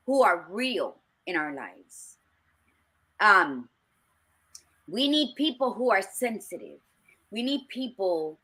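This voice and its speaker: A woman's voice: mid-range voice, sharp tone. A woman co-hosting a casual talk podcast, telling personal stories in a candid, blunt and emphatic way. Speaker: podcast co-host. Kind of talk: casual chat.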